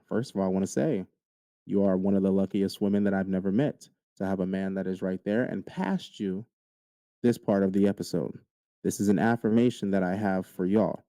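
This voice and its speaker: A man hosts a podcast in an earnest motivational monologue, speaking directly to his audience. His voice is mellow and relaxed. The recording is dry and close, with no room sound. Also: lowish voice, no room sound. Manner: earnest, repeats key lines for emphasis. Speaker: podcast host. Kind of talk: motivational monologue addressing listeners.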